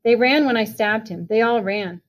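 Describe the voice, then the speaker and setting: A woman voicing a scared teenage boy who speaks low, quiet and steady, in a storybook reading. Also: moderate pace, natural voice. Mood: shaken.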